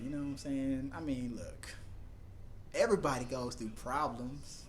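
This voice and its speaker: A young man hosting a live TV reaction, rambling and joking excitedly as he talks over the episode. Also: moderate pace, long pauses, a little hiss or hum. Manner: excitable, rambling, jumps into high put-on voices for jokes. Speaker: reaction video host.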